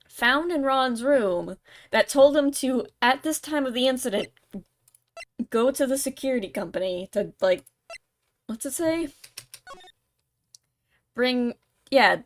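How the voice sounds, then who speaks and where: Chatty young woman playing a game. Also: a little high. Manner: chatty, laughs often, rambling. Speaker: game streamer. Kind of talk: casual let's-play commentary.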